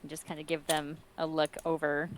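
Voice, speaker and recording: A woman's voice: deep voice, completely flat delivery, a little fast, heavy background noise. A woman playing a tabletop game, hesitantly describing what her character does. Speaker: player.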